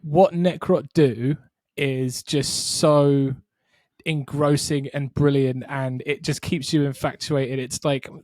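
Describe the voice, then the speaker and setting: A man co-hosting a podcast, gushing about a band he loves in an excitable, sweary casual chat. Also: medium pitch, takes it slowly, dry recording, clean studio sound. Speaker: podcast co-host.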